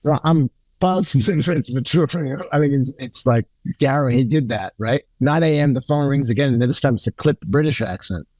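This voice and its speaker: A man's voice: medium pitch, normal speed, darkish tone, no echo. A middle-aged man, a guest cinematographer, telling anecdotes in a casual interview and acting out the quoted lines. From New York. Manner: storytelling, swearing, acts out quotes.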